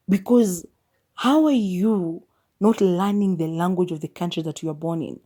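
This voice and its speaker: A woman's voice: fairly low pitch, a little slow, warm tone. A Kenyan woman hosting a solo podcast, sharing her opinions in a candid, musing way. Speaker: podcast host.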